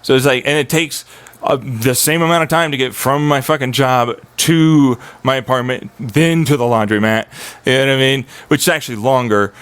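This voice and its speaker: A man's voice: medium pitch, normal speed, a bit bright, clean tone, no echo. A young man streaming, venting in an agitated, profane, rambling monologue.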